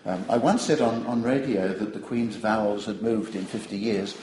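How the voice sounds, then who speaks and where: A man's voice: lowish voice, normal speed, echoey room, heavy background noise. An older man giving a public lecture, wry and digressive, telling stories to an audience. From Australia. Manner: wry, digressive, animated storytelling.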